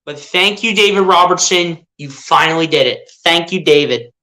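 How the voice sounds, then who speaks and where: Young man, fan play-by-play, bright, slightly high, excitable. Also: normal speed. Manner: excitable, pleading with the players. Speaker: fan streaming live play-by-play. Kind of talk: casual fan play-by-play commentary.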